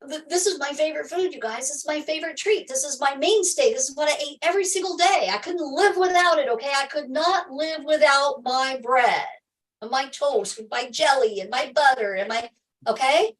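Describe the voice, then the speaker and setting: A woman's voice: sits high, moderate pace, far from the mic, low-quality recording. Emphatic woman telling her story. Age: middle-aged. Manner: emphatic, repeats key phrases, laughs often. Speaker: health coach hosting a livestream. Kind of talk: casual personal story to viewers.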